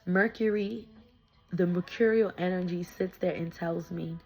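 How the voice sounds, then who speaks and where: Breathy woman vlogger, chatty animated storytelling, slangy and upbeat. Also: lowish voice, a little slow, lo-fi sound, faint music behind. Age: adult with young children. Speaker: tarot reader. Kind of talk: casual storytelling vlog.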